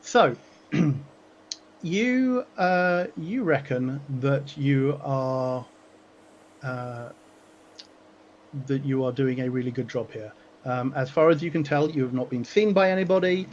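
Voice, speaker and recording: Slow, halting game master man. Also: mid-range voice, muffled recording, slight background noise. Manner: halting, many fillers and restarts. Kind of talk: narrating a tabletop game.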